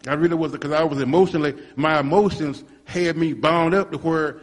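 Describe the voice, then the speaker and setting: A man's voice: a little high, fairly even intonation, a little fast, in a large hall. A man telling a rambling church testimony, restarting and repeating himself as he goes. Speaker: congregant giving a testimony.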